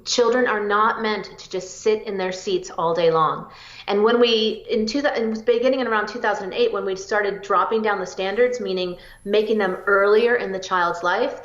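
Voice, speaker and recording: Woman, psychologist guest, energetic and chatty, mid-pitched, echoey lo-fi recording. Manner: energetic, eager, rapid bursts. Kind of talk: interview answers. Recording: roomy, dull lo-fi audio.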